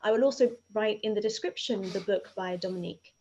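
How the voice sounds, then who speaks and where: A woman's voice: medium pitch, brisk, darkish tone, dull audio. A woman hosting a casual live-streamed interview, reassuring her guest and reading out viewer questions. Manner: friendly, reassuring, reads out viewer comments. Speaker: host.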